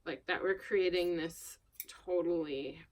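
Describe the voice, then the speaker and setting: With a lowish, darkish voice and an unhurried pace, a Long Island vlogger with no accent rambles casually to camera while working at her indoor worktable. She is self-deprecating and often drops to a murmur, and slight background noise is present.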